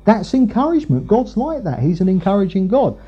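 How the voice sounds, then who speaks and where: Man preaching, husky and very dark-toned, slightly high voice, dull lo-fi recording, rambling. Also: sing-song, brisk. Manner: rambling, many fillers and restarts. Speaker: preacher, Bible teacher. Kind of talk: conversational sermon.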